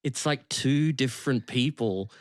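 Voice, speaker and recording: A man co-hosting a podcast in casual chat, rambling and amused, with many halting restarts. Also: medium pitch, no echo, studio quality. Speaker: podcast co-host.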